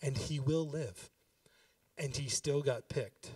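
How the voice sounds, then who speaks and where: A man's voice: medium pitch, slow, a little mellow, no room sound, clean studio sound, distant mic. A pastor in his thirties giving a sermon, talking with the congregation and building to emphatic exhortation.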